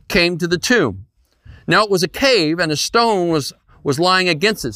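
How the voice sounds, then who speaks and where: A man's voice: a little high, fairly bright tone, no room sound, studio quality. A man preaching a sermon as pastor, acting out quoted voices.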